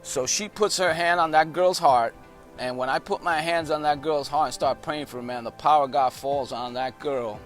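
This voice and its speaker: A man's voice: on the high side, moderate pace, faint music behind. A male evangelist preaching a testimony story, with emphatic storytelling that builds in intensity.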